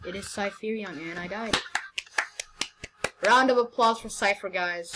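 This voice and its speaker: Music runs in the background of this poor-quality clip as a young woman, mid-range in voice and moderate in pace, commentates her gameplay. She's playful and teasing, with plenty of stammered restarts.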